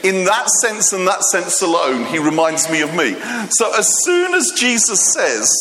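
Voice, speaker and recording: Male preacher, bright and high, playful acted-out storytelling, recorded in a reverberant hall. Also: sing-song. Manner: humorous storytelling with acted voices; halting restarts. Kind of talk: sermon.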